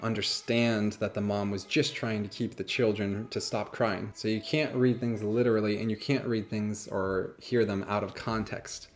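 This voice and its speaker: A man, a magician, chatting casually in his reaction vlog, joking and laughing often as he reads and discusses a fable. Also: mid-range voice. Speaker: magician and YouTuber.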